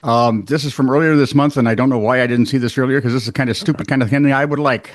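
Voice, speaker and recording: A man's voice: medium pitch, quick pace, no room sound, clean studio sound. A man co-hosting a podcast, chatting casually and joking, with bursts of silly put-on voices. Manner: jokey, animated, puts on silly voices. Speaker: podcast co-host. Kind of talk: casual comedic banter.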